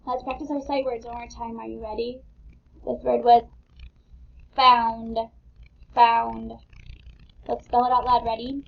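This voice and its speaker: A woman's voice: on the high side, little pitch movement, slow, creaky, pauses often. A woman teaching a phonics lesson to young children, patient and encouraging, spelling words out letter by letter. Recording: dull lo-fi sound.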